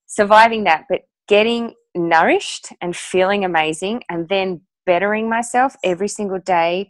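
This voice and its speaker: A woman's voice: fairly low pitch, dry recording. A woman, telling her personal story to an audience in a chatty, emphatic way. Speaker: guest speaker sharing a testimonial.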